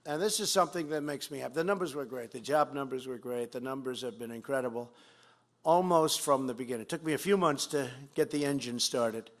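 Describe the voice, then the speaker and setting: A man in his seventies giving a campaign speech at a fundraiser, repeating phrases emphatically and swinging between loud and quiet. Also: mid-range voice, fairly quick. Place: fundraiser event.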